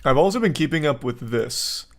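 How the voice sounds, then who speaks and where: A man's voice: a little high, animated, moderate pace. A man hosting comedic video commentary, riffing sarcastically and swearing freely. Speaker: commentary host.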